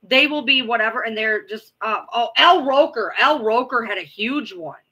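A woman's voice: fairly high pitch, normal speed, bright, forceful tone, husky. A woman host chatting casually with viewers, rambling, repeating herself and swearing now and then. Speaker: livestream host. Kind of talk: casual chat answering viewers.

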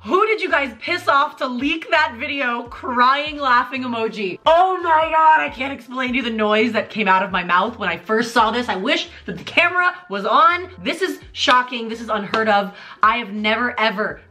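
A woman's voice: a little high, normal speed. A woman in her twenties giving sarcastic, exasperated commentary on celebrity drama in a vlog. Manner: exasperated, sarcastic, animated ranting. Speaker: commentary YouTuber. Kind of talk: pop culture commentary vlog.

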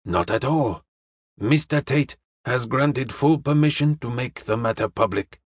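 A man voicing a polite, formal detective in an audiobook, speaking in measured, clipped phrases. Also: medium pitch, lively intonation, husky, no echo, clean studio sound. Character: polite, formal middle-aged male detective. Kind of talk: audiobook character reading.

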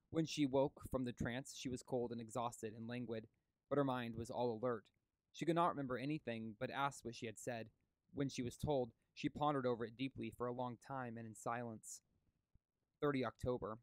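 A man's voice: medium pitch, no room sound. Man reading a classic novel aloud. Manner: steady reading with occasional stumbles and restarts. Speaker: audiobook reader.

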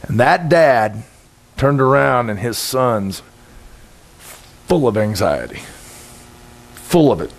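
A middle-aged man preaching a sermon in a conversational, intense way, with sudden loud bursts. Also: medium pitch, lively intonation, takes it slowly, long pauses. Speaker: pastor.

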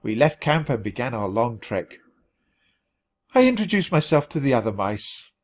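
Male storybook narrator, clear natural-speed reading, lively ups and downs in pitch. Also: normal speed. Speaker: storybook reader. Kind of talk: storybook narration for language learners.

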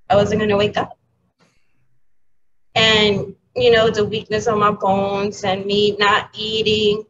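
A woman educator from New York City, talking candidly as an interview guest, halting and laughing softly. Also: medium pitch. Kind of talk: emotional interview talk. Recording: dull lo-fi audio with clear background noise.

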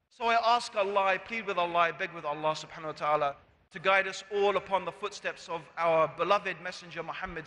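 A man's voice: high-pitched, bright, forceful tone. A man preaching a sermon, pressing the audience with rhetorical questions. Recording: long hall reverb.

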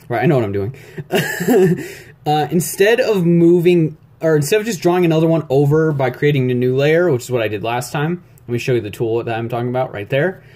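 Here a young YouTuber with a mid-range, darkish voice draws while narrating a casual screen-recorded animation tutorial, recorded by phone. Jittery and rambling, he talks to himself and jokes at his own expense.

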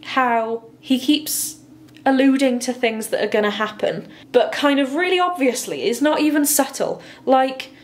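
A woman's voice: high-pitched, expressive, measured pace. A woman chatting casually in a vlog about the book she is reading, giggly and self-mocking, filmed at home on a handheld phone. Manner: giggly and chatty, laughs at herself. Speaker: book vlogger. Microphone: handheld phone camera.

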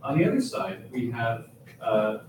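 A man's voice: medium pitch, big pitch swings, a little slow. Male academic host, hesitant and thoughtful, heard from a distance in a roomy space. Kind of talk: academic discussion. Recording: very echoey room, far from the mic, noisy.

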